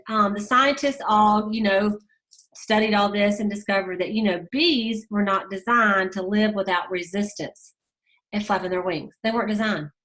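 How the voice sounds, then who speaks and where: A woman's voice: mid-range voice, a bit bright. A woman giving a casual motivational talk to her sales team, telling stories with many fillers and emphatic repeats.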